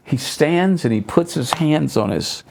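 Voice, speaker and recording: A middle-aged pastor, appearing as a guest on a talk show in a local public access TV studio, tells stories in a slightly slow, creaky voice. He's an animated storyteller, jumping sharply up in pitch to act out what other people said and dropping low for his asides.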